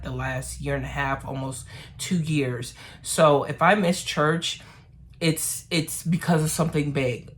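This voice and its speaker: Slow, soft-spoken woman vlogging. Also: low voice, slight background noise. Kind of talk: personal faith vlog, candid talk to camera.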